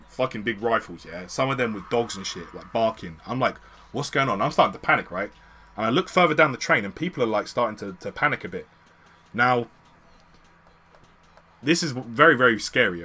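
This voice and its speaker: A man's voice: mid-range voice, slightly rough. A man with a British accent, telling a story to his stream in a casual, slangy way with plenty of swearing. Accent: British English. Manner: slangy, swearing, animated retelling.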